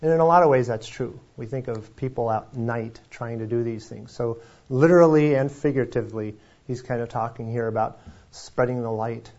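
A man's voice: medium pitch, a little fast, a little mellow. A man leading an informal Bible study, talking conversationally with rambling asides and self-deprecating jokes. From Wisconsin. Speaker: preacher. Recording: slightly dull lo-fi sound.

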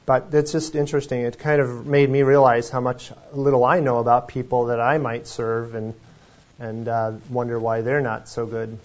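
A man's voice: mid-range voice, little pitch movement, normal speed. A man leading an informal Bible study, talking conversationally with rambling asides and self-deprecating jokes. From Wisconsin. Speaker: preacher. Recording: slightly dull lo-fi sound.

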